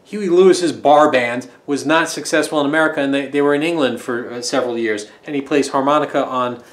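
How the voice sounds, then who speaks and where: A man's voice: mid-range voice, fairly quick, echoey room. A man casually talking through his record collection, rambling and joking as he goes. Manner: rambling, chatty, jokey asides.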